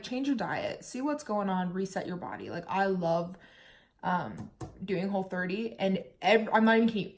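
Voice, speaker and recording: Speaking at a medium pitch, a young American vlogger tells her own story in a frank, chatty way, occasionally on the verge of tears.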